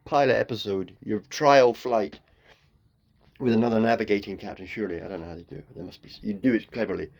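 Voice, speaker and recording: A man's voice: mid-range voice, brisk, darkish tone. A man in a rambling, free-associating comic monologue that jumps playfully between tangents. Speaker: comedian.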